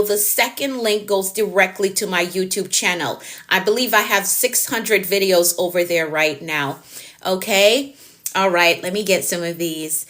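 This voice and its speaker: A middle-aged woman with a Jamaican accent, a productivity coach who talks quickly and passionately to her viewers on a live stream. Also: mid-range voice, a bit bright. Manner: fast-talking and passionate, addresses viewers directly.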